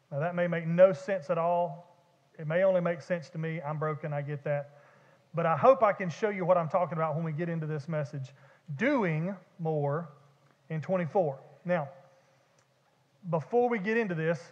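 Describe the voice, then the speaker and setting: Male pastor, high voice, chatty self-mocking sermon, dull recording with long church reverb. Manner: casual, joking, self-deprecating preaching. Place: church sanctuary.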